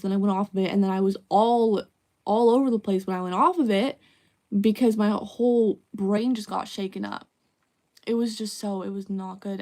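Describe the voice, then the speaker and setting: Young female streamer, casual live chat, blunt and profane, mid-range pitch. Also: dark tone. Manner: candid, frequent swearing. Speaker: livestreamer.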